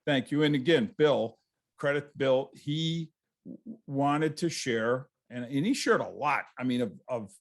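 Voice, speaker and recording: A man's voice: mid-range voice, a little slow. A man, a guest author, telling stories in a casual interview over a video call, rambling and restarting his sentences.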